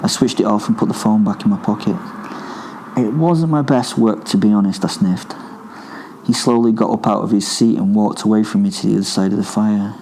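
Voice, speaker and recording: Low, dark-voiced horror storyteller. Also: male voice, flat delivery, slight background noise, low-quality recording. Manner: menacing, profane, deliberate. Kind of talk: first-person horror story narration.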